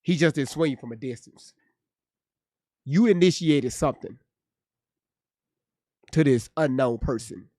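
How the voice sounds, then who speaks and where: A male streamer reacts live to a clip with blunt, profane commentary, often repeating words as he thinks aloud. His medium-pitched voice keeps a measured pace with long pauses and a slightly mellow quality. The sound is clean studio audio with no room sound.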